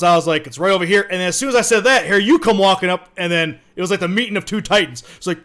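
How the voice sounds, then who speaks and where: A man hosting a casual chat, hyped and quick, hollering introductions to his guests. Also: sits high, pushed and bright. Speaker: podcast host.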